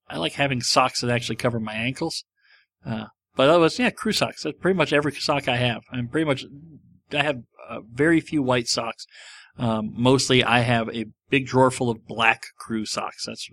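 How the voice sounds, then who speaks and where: A man's voice: mid-range voice, normal speed, a bit bright. Man, middle-aged, podcast host, casual chat, rambling, self-mocking. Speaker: podcast host answering listener questions.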